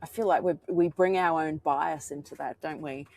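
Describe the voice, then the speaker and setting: A woman with an Australian accent co-hosting a casual podcast chat, talkative and quick to laugh at herself. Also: low-pitched, fairly even intonation, darkish tone. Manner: chatty and self-deprecating, laughs easily. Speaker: co-host.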